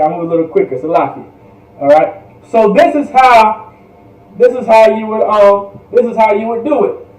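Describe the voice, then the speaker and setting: A man teaching an online language class in a patient, repetitive way, drilling words slowly and checking "all right?" often. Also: high-pitched, a little mellow, reverberant, far from the mic, poor audio.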